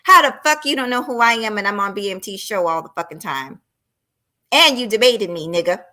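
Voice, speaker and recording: Blunt, profane woman ranting with a bright voice. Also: mid-range voice, lively intonation, a little fast. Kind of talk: heated live-stream rant.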